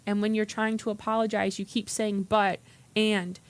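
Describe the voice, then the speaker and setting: A woman's voice: medium pitch, little pitch movement, moderate pace. Earnest woman telling a personal story. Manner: earnest, recounts dialogue in quotes. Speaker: workshop participant. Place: meeting room.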